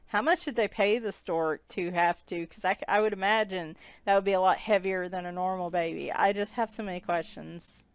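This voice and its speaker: A woman's voice: fairly low pitch, clear, resonant tone, no echo. A woman chatting casually as she flips through a coloring book, amused and giggling as she comments on each picture.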